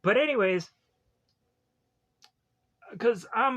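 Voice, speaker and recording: A Georgia man with a Southern US accent reviews a movie in a rambling, joking monologue packed with asides and silly voices. His voice is high-pitched and bright, with lively intonation, a measured pace and a forceful tone, though the audio sounds dull.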